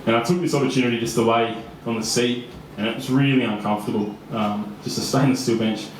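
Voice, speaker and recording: A man's voice: medium pitch, fairly even intonation, fast talker, slight background noise. Chatty young Aussie man, echoey stage. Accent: Australian. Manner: casual, chatty, laughing, many fillers. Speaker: storyteller. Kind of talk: live personal storytelling. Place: stage at a live storytelling night. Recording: echoey room.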